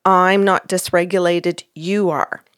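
A woman voicing a gentle, deep-voiced dead father who speaks slowly with love and firmness. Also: fairly even intonation, no echo, studio quality. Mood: tender.

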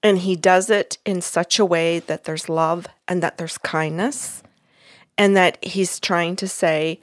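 A woman's voice: fairly low pitch, fairly even intonation, slow, dry recording, clean studio sound. A woman co-hosting a podcast as a psychic medium, telling a story in a chatty, giggly, self-deprecating way. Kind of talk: casual storytelling chat.

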